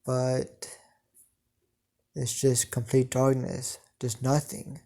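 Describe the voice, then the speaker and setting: Man reading improvised fan fiction, slow, halting delivery with gravelly fry. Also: mid-range voice, little pitch movement, mellow. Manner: halting, full of hesitations. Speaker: storyteller.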